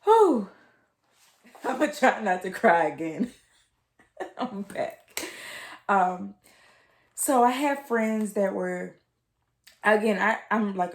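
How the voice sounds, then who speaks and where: A fairly low-pitched woman's voice with vocal fry echoes in a reverberant space. In her twenties and from the US, this vlogger tells her audience a personal story candidly and emotionally, often repeating herself and using fillers, and at times she's close to tears.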